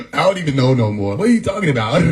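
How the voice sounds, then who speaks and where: A man's voice: on the high side, rough recording. A man talking casually on a livestream, laid-back and profane, often laughing as he talks. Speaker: livestream host. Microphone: phone mic.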